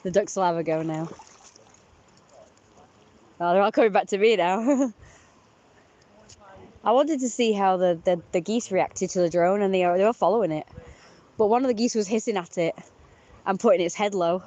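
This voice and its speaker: A woman's voice: mid-range voice, moderate pace, pauses often, mellow, highs cut off. A young woman chatting casually in a vlog outdoors by a pond, giggly and talking to the ducks. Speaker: vlogger.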